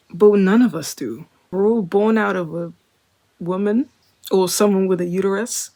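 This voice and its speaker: A young woman in her twenties talks straight to the camera in an unscripted, rambling way, leaning on "like" at every turn. Her pitch sits in an ordinary middle range, and she slides between earnest musing and offhand humor. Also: moderate pace, warm tone. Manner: rambling, lots of filler "like", drifting between wry and earnest. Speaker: vlogger. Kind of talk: casual monologue to camera.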